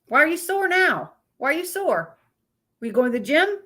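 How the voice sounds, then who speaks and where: A woman's voice: high-pitched, big pitch swings, normal speed, bright, forceful tone. A woman hosting a casual live stream, greeting viewers by name and reading out topics aloud with stumbles and blunt asides.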